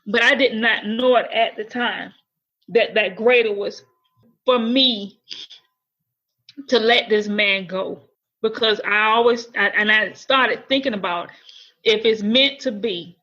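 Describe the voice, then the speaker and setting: A woman's voice: medium pitch, bright, forceful tone, highs cut off. A woman guest on a podcast telling a personal story candidly and earnestly, often repeating and restarting phrases.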